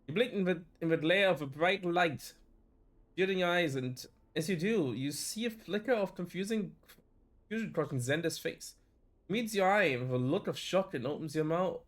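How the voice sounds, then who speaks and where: A man's voice: fairly high pitch, moderate pace. A man streaming, reading a narrative video game aloud and often stopping to correct himself. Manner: frequent self-corrections and restarts while reading.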